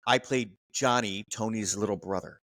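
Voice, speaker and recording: A man's voice: on the low side, moderate pace, fairly bright tone, dry recording. A man in his fifties from New Jersey hosting a casual chat, reminiscing animatedly and laughing often. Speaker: podcast host.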